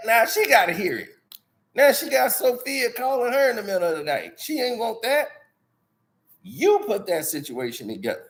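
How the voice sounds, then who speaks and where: A channel host tells casual stories in slang, laughing often. His voice sits high for a man and has a gravelly edge. His pitch leaps around as he talks. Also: very animated, normal speed, fairly bright tone. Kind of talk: casual storytelling.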